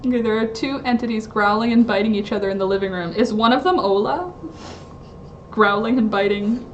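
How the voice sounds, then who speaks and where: A woman's voice: mid-range voice, brisk, lo-fi sound, a little hiss or hum. A woman chatting casually on a livestream from home, rambling and interrupting herself with lots of fillers. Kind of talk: casual live-stream chat.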